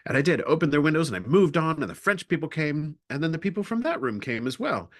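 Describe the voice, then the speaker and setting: A man presenting a webinar, telling a comic story with lively timing and then turning to his main points. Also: fairly high pitch, fast. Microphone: video call.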